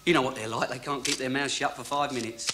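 A man's voice: mid-range voice, fairly even intonation, fast, noisy background, natural voice. An actor playing an evasive, defensive male fashion photographer in a 1980s crime drama. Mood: grudging. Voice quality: grudging, defensive.

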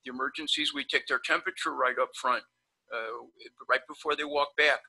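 A man with a very bright, somewhat high voice rambles through anecdotes in an animated, blunt way. He talks casually over a video call, like a dentist chatting shop with colleagues. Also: brisk, vocal fry, husky, low-quality recording. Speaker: periodontist guest. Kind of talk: casual storytelling on a webinar.

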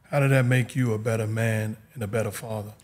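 A man hosting a podcast, asking interview questions in a measured, reflective manner. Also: lowish voice, fairly even intonation. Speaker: host.

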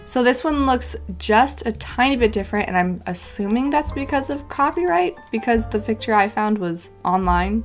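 A woman streaming her game, bubbly and excitable, gasping and squealing as she talks through it. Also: mid-range voice. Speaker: gaming YouTuber. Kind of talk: excited gameplay commentary. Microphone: desk microphone.

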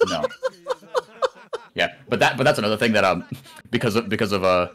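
Man, low voice, esports co-caster, casual rambling chat, animated. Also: brisk, long pauses. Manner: rambling, animated, many restarts.

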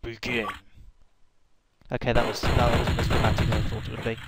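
A man's voice: medium pitch, monotone, fairly quick, heavy background noise. A young man giving rambling, joking commentary while playing a game, with random outbursts and hummed tunes. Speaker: gaming YouTuber. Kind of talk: casual gameplay commentary.

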